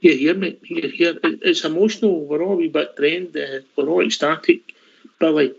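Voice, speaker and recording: This is a Scottish man hosting a football phone-in, his voice sitting a little high with a gravelly edge. He talks in a chatty, jokey way and is quick to bring callers in. The sound is dull and lo-fi. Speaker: radio phone-in host. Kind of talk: casual football phone-in chat.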